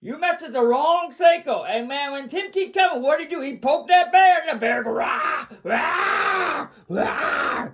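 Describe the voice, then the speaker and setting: A man hosting a livestream, ranting boastfully and repeating himself, often bursting into shouts. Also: very high-pitched, fairly quick, hardly any pauses, background noise. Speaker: livestream host.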